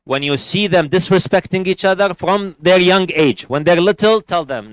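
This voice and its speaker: A man's voice: high voice, expressive, normal speed, hardly any pauses, clear, resonant tone, no room sound, poor audio. A man giving a sermon at a community gathering, earnestly advising parents and families and mixing in Arabic religious phrases. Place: community centre hall.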